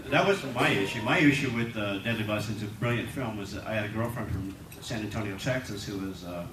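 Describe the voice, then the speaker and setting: An older man with a low voice tells rambling set anecdotes on a fan panel, chuckling at his own jokes. He sounds distant from the mic, in an echoey hall. Crowd ambience hums behind him. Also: brisk, noisy background. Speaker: actor on a reunion panel. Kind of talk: animated anecdotal storytelling.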